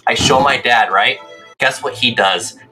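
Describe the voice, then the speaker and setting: A young man streaming a game, telling rambling, excitable stories in casual chat and checking in with "right?". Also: mid-range voice, measured pace, faint music behind. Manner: excitable, swears.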